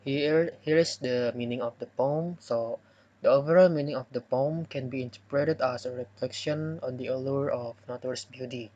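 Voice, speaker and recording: A man's voice: mid-range voice, darkish tone. A young man whose first language is Indonesian, presenting a poem analysis for a class assignment in a hesitant way, with frequent fillers and self-corrections.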